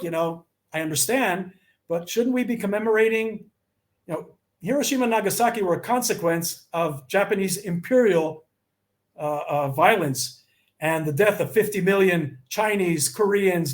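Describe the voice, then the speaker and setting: A man's voice: high voice, moderate pace. A middle-aged man from the USA, telling anecdotes as an interview guest and acting out the dialogue. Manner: animated, acts out dialogue in his anecdotes. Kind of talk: storytelling in conversation.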